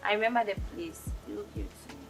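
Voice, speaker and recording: A woman's voice: mid-range voice, big pitch swings, quick pace, fairly bright tone, faint music behind. A woman playing a scheming wife who soothes and wheedles her husband for his money. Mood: wheedling. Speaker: comic actress. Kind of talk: comedy skit acting.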